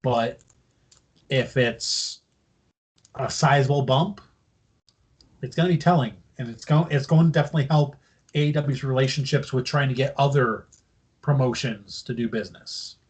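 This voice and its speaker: A man with a husky, slightly breathy voice talks through wrestling news on a casual podcast. He explains things at length in a loose, easygoing way, now and then swearing. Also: mid-range voice, moderate pace, long pauses. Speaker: podcast co-host.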